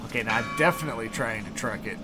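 A man's voice: medium pitch, fast, over music. A man playing a tabletop game, joking with his group. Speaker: player. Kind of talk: casual tabletop play.

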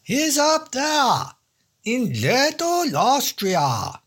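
A man's voice: very high voice, huge pitch swings, extremely slow, a bit bright, voice pushed up, heavily acted. A man reading a story aloud and voicing a blunt Norwegian villager and boatman who speaks broken English with a put-on Norwegian accent.

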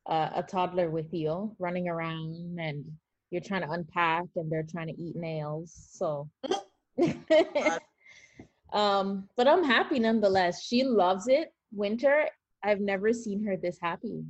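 A woman's voice: fairly low pitch, a little slow, lo-fi sound. A woman co-hosting a podcast in casual chat, cheerful and laughing often. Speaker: podcast co-host.

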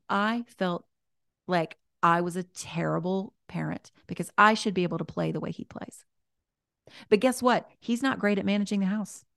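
A woman, a guest author, chatting casually and warmly, repeating her key points as she gives encouraging advice. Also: mid-range voice, creaky, no room sound, clean studio sound.

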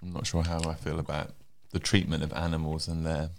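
A man's voice: rumbling low, little pitch movement, fairly quick, a little hiss or hum. A man co-hosting a podcast in casual chat, wry and teasing. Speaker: podcast co-host.

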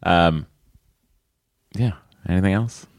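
A man's voice: sits low, slow, no room sound, studio quality. A man co-hosting a casual podcast, joking around and reading listener emails aloud. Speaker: podcast co-host.

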